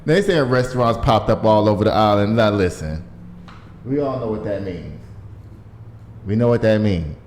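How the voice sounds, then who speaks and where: A man's voice: fairly low pitch, moderate pace, long pauses, a little hiss or hum. A man hosting a casual news show, reading stories and riffing on them with lots of laughter. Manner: animated, laughing, riffs on stories.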